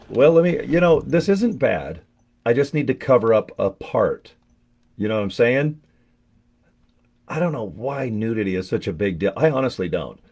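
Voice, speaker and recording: Crude, rambling man with a lowish voice. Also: darkish tone. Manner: crude joking, rambling, laughs often. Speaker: vlogger opening a gift on camera. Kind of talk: casual live-stream chat.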